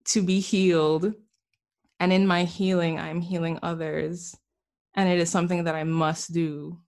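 A woman guest with a Caribbean accent, speaking in a slightly low voice. She talks about her work in an earnest, soulful way, and a laugh often slips into her words. Her pace is unhurried and reflective. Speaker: musician and spiritual healer guest. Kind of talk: reflective podcast conversation.

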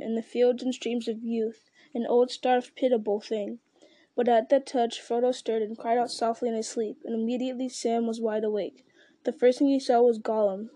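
A woman narrating a novel aloud in a measured, steady storytelling manner. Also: a little high, no room sound. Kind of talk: audiobook reading.

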